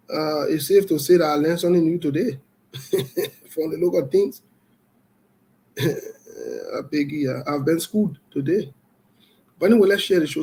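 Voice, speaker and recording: A man's voice: high-pitched, warm tone. A man hosting a livestream, chatting casually and teasing viewers in a playful, repetitive way. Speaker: online show host. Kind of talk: casual livestream chat reading viewer comments.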